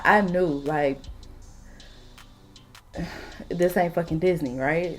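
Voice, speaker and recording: A woman in her late twenties telling a casual storytime while doing her makeup, blunt, animated and full of profanity. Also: low voice. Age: late 20s. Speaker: vlogger.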